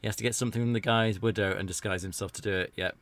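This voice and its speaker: A man's voice: fairly low pitch, steady tone, very fast, a bit bright, no room sound. Chatty British man playing a game. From Britain. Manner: rambling, chatty, jokey asides. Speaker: let's play streamer. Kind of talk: casual gameplay commentary.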